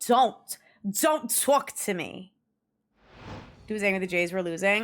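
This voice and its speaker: A woman's voice: medium pitch, animated, brisk, fairly bright tone, faint music behind. Chatty young New streamer woman. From New York / New Jersey area. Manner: chatty, swears casually, laughs often. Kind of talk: casual chat to viewers while gaming.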